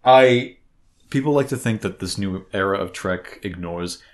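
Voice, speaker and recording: A man with a Boston accent co-hosting a casual podcast chat, excitable and rambling, often restarting his sentences. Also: lowish voice, measured pace. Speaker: podcast co-host.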